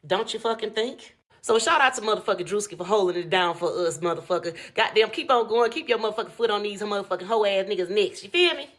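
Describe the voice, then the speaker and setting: A woman's voice: medium pitch, quick pace, fairly bright tone. An American woman giving a blunt, heavily profane rant as commentary. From United States. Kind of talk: ranting commentary.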